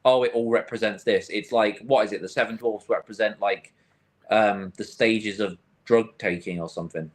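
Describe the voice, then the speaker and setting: A man's voice: lowish voice, fairly even intonation, normal speed. A man co-hosting a casual film podcast, telling rambling stories and quoting his own reactions. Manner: rambling storyteller, restarts, quotes himself. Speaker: podcast co-host. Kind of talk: casual chat.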